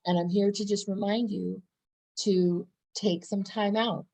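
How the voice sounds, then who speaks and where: A woman's voice: mid-range voice, fairly even intonation, measured pace, gravelly, mellow, poor audio. A woman in her thirties talking casually to camera in a bubbly, upbeat, chatty way. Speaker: wellness vlogger.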